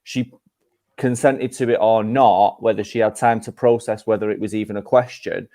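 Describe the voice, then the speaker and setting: A man on a casual podcast, speaking deadpan and explaining things step by step. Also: fairly low pitch, normal speed. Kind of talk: casual group chat.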